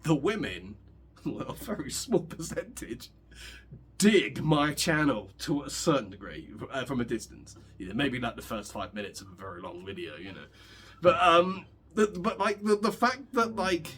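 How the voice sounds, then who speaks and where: Young male guitar vlogger, loose joking ramble between practice, clear guitar behind. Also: mid-range voice, lively intonation, a little slow, a bit bright. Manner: rambling, joking, many restarts. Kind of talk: casual chat while practicing guitar. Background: guitar playing.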